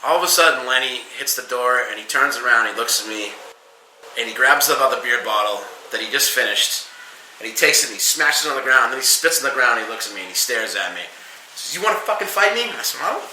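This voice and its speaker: A man telling a loud, profane bartending story on a podcast, acting out each quote. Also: medium pitch, fast talker, echoey room, a little hiss or hum, poor audio. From New England. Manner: animated, profane, acts out quotes. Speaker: podcast guest. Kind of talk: casual storytelling.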